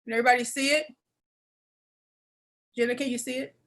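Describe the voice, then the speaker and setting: A woman presenting an adult education program on a video call, teary and warm as she repeats phrases and laughs. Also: on the high side, level tone, a little fast, rough recording. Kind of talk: webinar presentation.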